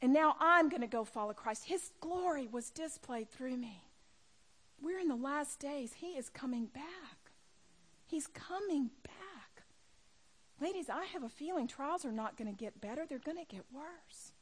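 A middle-aged woman preaching a sermon to women, impassioned, dropping to a hush and then rising loud. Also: sits high, expressive, normal speed. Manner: impassioned, swings from hushed to loud. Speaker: women's ministry speaker.

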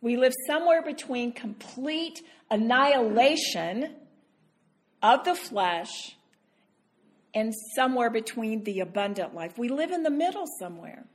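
A woman with a high voice preaches to a room of women. Her delivery is animated and self-deprecating, and she laughs as she talks. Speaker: women's Bible teacher. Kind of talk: sermon to women.

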